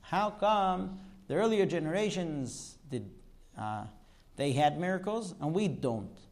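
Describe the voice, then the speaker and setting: Man giving a Talmud class, slightly high. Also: lively intonation, takes it slowly, a little mellow. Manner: explains, quoting texts and asking rhetorical questions. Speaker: religious teacher.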